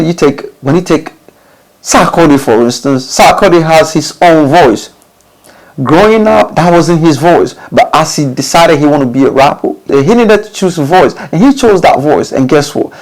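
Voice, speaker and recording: A man's voice: moderate pace, poor audio. A man giving informal advice to recording artists, often restarting phrases and asking rhetorical questions. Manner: repetitive, restarts phrases, rhetorical questions, lively pitch swings. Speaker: music studio instructor.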